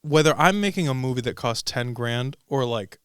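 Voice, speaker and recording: Male podcast host, animated storyteller, smooth clear voice, dry close sound. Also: normal speed, dry recording. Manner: animated storyteller, mimics others with big swings in pitch and volume. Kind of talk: casual chat.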